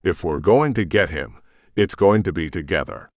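A man's voice: low-pitched, expressive, normal speed, no echo, clean studio sound. Man voicing a stern commanding woman. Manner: clipped, ordering. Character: stern commanding woman demon-hunt leader.

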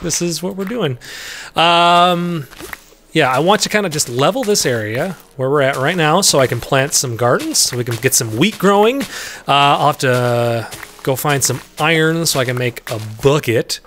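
This let's play host speaks in an expressive, somewhat high male voice at a moderate pace, with slight background noise. Chatting to the creatures in the game as he rambles through casual commentary, he laughs easily and bursts into loud yelps without warning.

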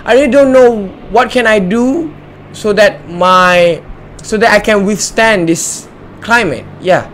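A man's voice: sits high, measured pace, a bit bright, a little hiss or hum. A man hosting a casual let's-play video, chatting playfully as he explores, joking and talking back to the game. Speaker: gamer and channel host.

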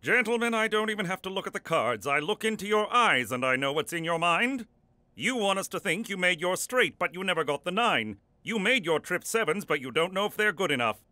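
A man's voice: sits high, sing-song, fairly quick, bright, forceful tone, dry recording, heavily acted. A man voicing a formal, over-earnest male Mountie and reformed gambler in an adult cartoon. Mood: confident. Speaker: lead character and narrator.

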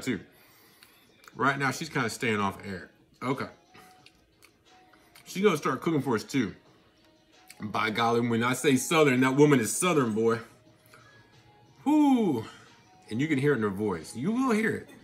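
Chatty man with a lively pitch. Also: moderate pace, pauses often, soft background music. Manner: chatty, eating while talking, excitable. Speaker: vlogger. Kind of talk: casual eating vlog.

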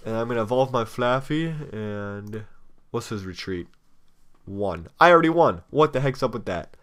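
A young man with a slightly low voice chats loosely as he plays an online card game, teasing his slow opponent and complaining about the wait. His talk is rambling and playful, now and then muffled by chocolate he is chewing. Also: fairly bright tone. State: eating chocolate while talking. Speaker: let's play host. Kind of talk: casual gaming commentary.

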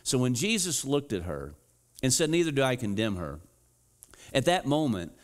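Middle-aged male pastor mid-sermon, mid-range voice, swings between urgent appeals and slow weighty lines. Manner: urgent, rising to emphatic repetition; drops to slow, low, deliberate emphasis.

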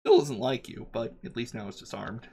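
A man's voice: medium pitch, huge pitch swings, a little fast, gravelly, warm tone, breathy edge. A man narrating a tabletop game as game master, rambling with many fillers and restarts.

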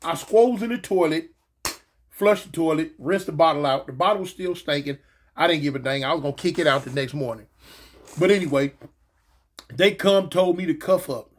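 A man casually telling a story from his past, slangy and animated, jumping in pitch and making sound effects as he goes. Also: moderate pace. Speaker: storyteller recounting his prison days.

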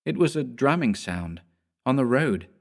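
A man narrating a horror story in a measured storytelling manner. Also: mid-range voice, sing-song, vocal fry. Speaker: audiobook narrator.

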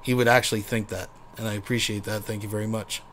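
A man's voice: on the low side, level tone, fast talker, a bit bright, a little hiss or hum. A man hosting a commentary show, sarcastic and profane as he mocks the video he plays. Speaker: commentary channel host. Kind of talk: mocking commentary.

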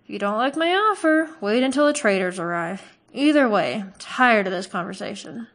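A woman's voice: mid-range voice, expressive, moderate pace, a bit bright. A woman reading aloud and voicing a small, suspicious male village butcher who talks in a scornful, sarcastic and snappish way.

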